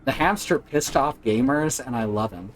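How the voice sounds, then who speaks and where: A man's voice: mid-range voice, lively intonation, normal speed, faint music behind, rough recording. A man chatting casually and joking while he plays a game on a live stream. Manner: wry, joking, narrating his gameplay.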